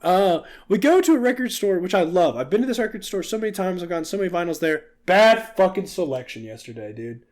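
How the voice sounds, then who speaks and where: Fast and with few pauses, a high-voiced man in his twenties recounts a story on a podcast he co-hosts. The talk is casual and animated, full of swearing as he performs what people said.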